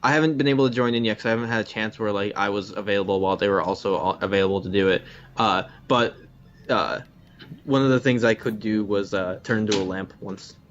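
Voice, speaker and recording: A young man co-hosting a let's play, chatting casually with halting, dry replies. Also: lowish voice, fairly bright tone, muffled recording. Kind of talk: casual gameplay commentary.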